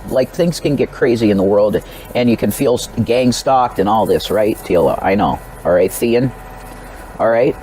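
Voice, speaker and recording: A man rambles through a personal vlog, speaking straight to another creator. He keeps circling back, restarting mid-sentence and repeating his pleas. His pitch and loudness sit in an ordinary middle range. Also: slight background noise, low-quality recording. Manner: rambling and repetitive, with frequent restarts and direct pleas to the viewer. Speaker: religious vlogger.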